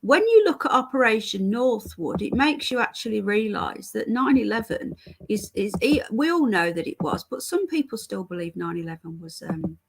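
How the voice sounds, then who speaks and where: Chatting loosely on her livestream, this British host, who speaks British English, responds to viewer messages as they pop up. Her mid-range voice swings widely in pitch and is creaky, she talks at a moderate pace, and there's a slight hiss or hum.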